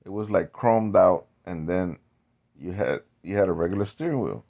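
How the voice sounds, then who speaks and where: Male vlogger, very low gravelly voice, rambling talker who restarts often. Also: moderate pace, muffled recording. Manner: rambling, drifting into tangents with many restarts. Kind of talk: rambling casual monologue.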